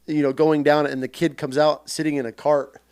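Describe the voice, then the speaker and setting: A man hosting a casual podcast, telling lively stories and swearing freely as he acts out shouted quotes. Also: a little high, normal speed, smooth. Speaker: podcast host. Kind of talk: casual storytelling chat.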